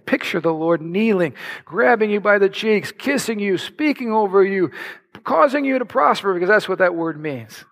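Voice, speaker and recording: A man preaching a sermon to his congregation, animated and conversational, acting out little prayers and scenes in other voices. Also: sits high, a little fast. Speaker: pastor. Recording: long hall reverb.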